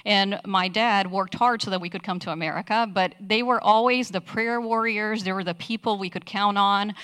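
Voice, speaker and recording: A woman in her forties, a physician, gives an earnest devotional teaching talk at church, pausing often to gather her thoughts. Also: medium pitch, fairly bright tone. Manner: earnest, with frequent hesitant pauses.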